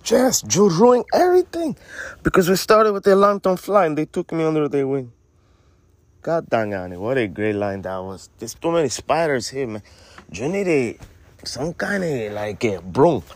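A man's voice: on the high side, very animated, normal speed, no room sound. A man co-hosting a podcast, telling a story in casual, joking banter and repeating names as he goes. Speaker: podcast co-host.

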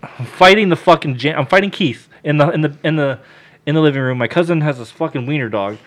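A man on a casual podcast, telling a story with lots of swearing and loud acted-out quotes. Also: a little high, fast.

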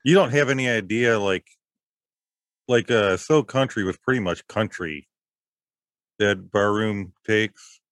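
A man's voice: lowish voice, unhurried, long pauses, a bit bright, dry recording. A man co-hosting a podcast, chatting casually in a hesitant, self-doubting way full of fillers. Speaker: podcast co-host. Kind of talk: casual chat.

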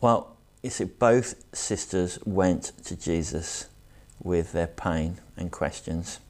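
A man preaching a sermon and reading scripture aloud, earnest and reflective, slowing down to stress key words. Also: sits low, a little mellow. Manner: earnest, reflective, slows down for emphasis.

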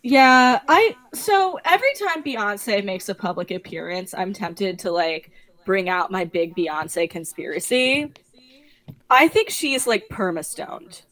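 A young woman co-hosting a podcast, chatting casually and gossiping with quick asides. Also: mid-range voice, expressive, a bit bright. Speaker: podcast co-host. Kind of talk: casual chat.

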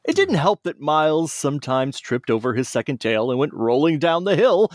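A man's voice: fairly high pitch, big pitch swings, normal speed, no echo, studio quality. A man who co-hosts a podcast, reading a children's story aloud in a playful way and chatting casually. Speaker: podcast co-host.

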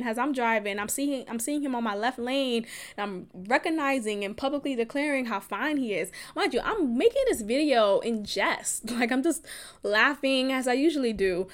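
A young adult woman hosting a podcast, talking candidly in a casual monologue, laughing often and swearing freely. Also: on the high side. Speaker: podcast host.

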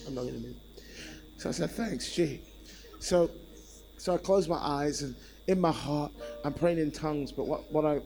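A fairly high-voiced man preaches a sermon, telling a personal story with animated, self-deprecating humor. Soft music plays faintly underneath him. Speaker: visiting preacher.

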